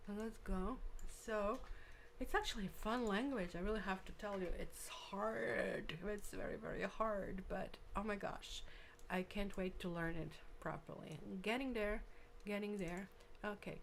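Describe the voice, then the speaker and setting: A woman hosts a live tarot stream, chatting casually with viewers and thinking aloud as she works. Her medium-pitched voice moves at a measured pace, with a little hiss or hum in the recording.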